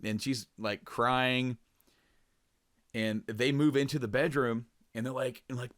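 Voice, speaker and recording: A young man co-hosting a podcast speaks a little slowly in a mid-range, slightly bright voice with fairly even intonation. His casual chat rambles with fillers and restarts, he swears freely, and he jumps into a raised voice for quoted lines.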